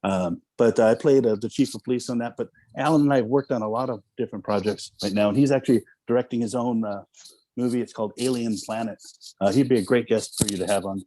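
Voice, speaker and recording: A man's voice: medium pitch, fast, warm tone, no echo. A man guesting on a talk show as an actor, talking casually and self-deprecatingly with many fillers. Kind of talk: casual interview chat.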